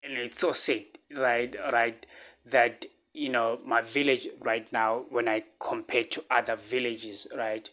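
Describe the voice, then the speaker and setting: Slow, halting man. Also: medium pitch, flat delivery, pushed and bright. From South Africa. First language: a local South African language. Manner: halting, many fillers and restarts, repeats phrases for emphasis. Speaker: vlogger. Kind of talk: personal storytelling to camera.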